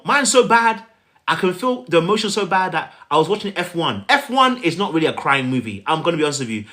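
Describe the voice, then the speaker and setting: A man with a slightly raised voice coaches his viewers on relationships. He talks straight at them, repeating key phrases and acting out little scenes. His delivery is lively and personal. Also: on the high side. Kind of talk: coaching talk to camera.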